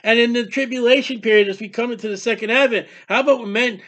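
A man preaching a sermon, animated and emphatic, reading scripture aloud. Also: very high-pitched, fast. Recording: dull lo-fi sound.

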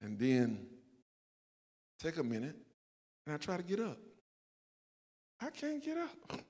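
A man's voice: fairly high pitch, huge pitch swings, slow, darkish tone, long reverb tail. An older man, a pastor with a Southern US accent, telling a self-mocking personal story in a sermon and acting out the quotes. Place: church sanctuary.

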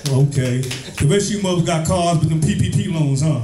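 A man hosting a comedy show, doing loud and profane crowd work between sets. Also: on the high side, fairly quick. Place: comedy club stage, live audience. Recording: echoey club, distant mic, music behind.

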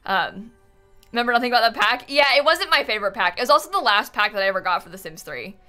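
A woman's voice: fairly high pitch, animated, quick pace, pushed and bright, soft background music. A woman hosting a casual live game stream from home, chatty and rambling with many fillers, thanking her viewers as she goes. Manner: reads out and thanks chat viewers.

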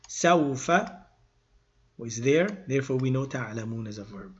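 The husky, medium-pitched voice of a man comes through with lo-fi sound as he teaches an informal Arabic grammar lesson. He reads the verses fast, then explains them slowly, pausing and correcting himself along the way.

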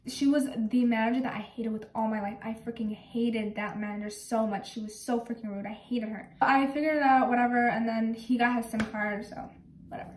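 A young woman chats quickly and with animation, venting about her old job. Her voice sits a little high and sounds as if it comes from a few feet away. The room around her rings with echo. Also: slight background noise. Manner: animated, exasperated retelling of work stories. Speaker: vlogger. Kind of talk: casual storytelling. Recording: echoey room, mic at a distance.

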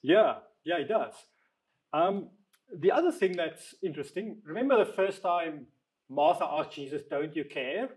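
Fairly high-voiced man leading Bible study. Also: animated, a little mellow, rough recording. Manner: conversational, reads scripture aloud slowly, asks the group questions. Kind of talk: leading a group Bible discussion.

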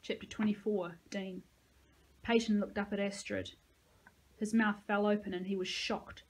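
A woman teacher reading a novel aloud to her class, steady and plain. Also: medium pitch, measured pace.

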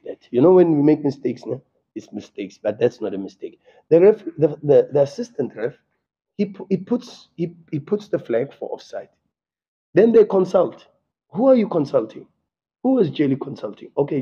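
A man's voice: on the high side, very animated, normal speed, husky, muffled recording. A South African man, a football coach at a post-match press conference, speaking with passion and frequent stammering restarts. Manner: impassioned, repetitive, stammering restarts.

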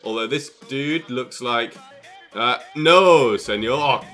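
A young man with an excitable, jokey manner, commentating on his own gameplay and exclaiming often. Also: medium pitch, slow pace, faint music behind. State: out of breath. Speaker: gaming YouTuber.

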